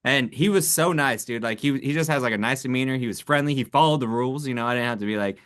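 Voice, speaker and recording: A man co-hosting a sports podcast in a loose, laid-back chat. He laughs easily and drops casual swears as he tells stories. His voice sits at an ordinary middle pitch. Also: quick pace, fairly bright tone, smooth. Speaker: podcast co-host.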